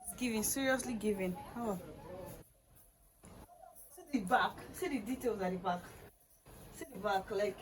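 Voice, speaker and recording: A young woman, chatting excitedly to camera as she unboxes gifts, gushing and laughing often. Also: medium pitch, a little slow, pauses often, slight background noise, rough recording. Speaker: vlogger unboxing birthday gifts. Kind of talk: excited casual chat to camera.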